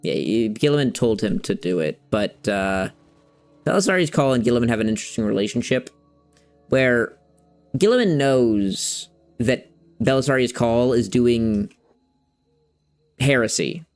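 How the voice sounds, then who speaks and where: Young male streamer, easygoing rambling chatter, mid-range voice, soft game music in the background. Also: medium pitch, lively intonation, measured pace, long pauses. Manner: rambling, loose slang, searching for words. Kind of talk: casual chat while playing a game.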